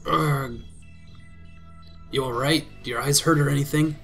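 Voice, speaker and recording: A man hosting a let's play, reading a visual novel aloud with quick laughs and commentary. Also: medium pitch, vocal fry, soft background music. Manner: lively reading broken by laughs and asides.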